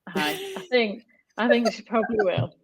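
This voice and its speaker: A woman's voice: a little high, very animated, normal speed, slight background noise. A woman in her thirties from North West England, chatting as a podcast guest and telling stories with frequent laughs. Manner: chatty, storytelling, laughs often. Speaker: guest artist. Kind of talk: casual podcast chat.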